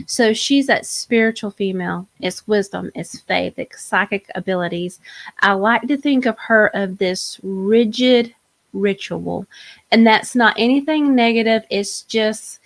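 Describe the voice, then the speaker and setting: Woman, tarot reader hosting a live stream, casual and energetic chat. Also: medium pitch, unhurried. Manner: chatty, warm greetings to viewers, energetic.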